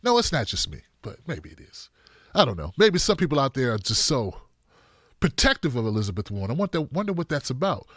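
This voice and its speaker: A man giving animated, sarcastic political commentary on his own show. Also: medium pitch, a little fast, no room sound, studio quality.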